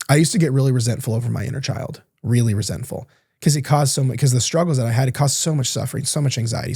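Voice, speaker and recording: A young man hosting a podcast speaks in a candid, earnest coaching tone, dropping the odd swear word. His voice is mellow and relaxed, at an ordinary pitch. The recording is dry and close, with no room sound. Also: dry recording. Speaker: podcast host. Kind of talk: casual coaching monologue.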